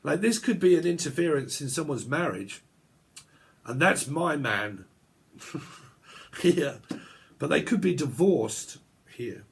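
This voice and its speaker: Man, husky, a bit high, ranting tarot reader, swears a lot, acts out both sides of arguments. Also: lively intonation, takes it slowly, long pauses. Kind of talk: casual tarot reading vlog.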